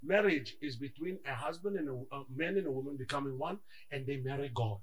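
A male pastor preaching a lively sermon, moving between shouts and hushed asides and acting out conversations in his stories. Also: medium pitch, fairly quick. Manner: acts out dialogue in his stories.

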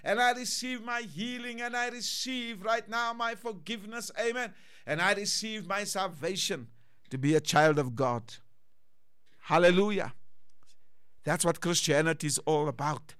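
A man preaches with fervent, rhythmic declarations. His voice sits high and rings clear and smooth as he calls out to those listening. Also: moderate pace, fairly bright tone. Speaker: pastor. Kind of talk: sermon.

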